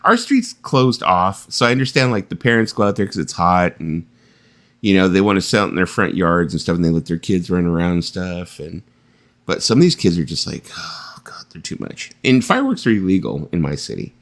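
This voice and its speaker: A man's voice: sits low, animated, a little fast. A man hosting a late-night live stream, chatting casually in a joking, rambling way. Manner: joking, rambling, laughs often. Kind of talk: casual chat.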